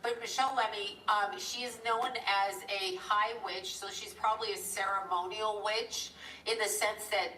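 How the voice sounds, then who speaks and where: The livestream host, a middle-aged woman, rambles through a story and keeps stopping to thank viewers. Her medium-pitched voice has fairly even intonation, a sharp tone, and a moderate pace. Recorded a bit far from the mic, it echoes around the room over slight background noise.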